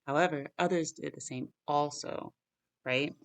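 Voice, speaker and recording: A woman with a low, gravelly voice hosts a relaxed Bible chat, reading passages aloud and then breaking off to share what struck her. She talks in an eager, chatty way, full of "like" and "right?", often wondering aloud. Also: measured pace. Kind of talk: casual Bible study chat with scripture reading.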